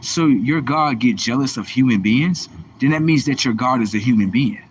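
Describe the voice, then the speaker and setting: A man's voice: mid-range voice, moderate pace, slight background noise. A man hosting a livestream, delivering a profane, mocking religious rant in a confrontational, preachy manner. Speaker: livestream host.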